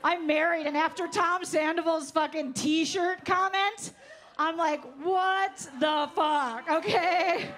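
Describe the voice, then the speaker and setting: A woman's voice: very high-pitched, steady tone, unhurried, fairly bright tone, a little hiss or hum. A woman doing a brash, profane stand-up set at a live show, teasing the audience. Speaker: stand-up comedian. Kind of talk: stand-up set with crowd work. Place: live comedy show on stage.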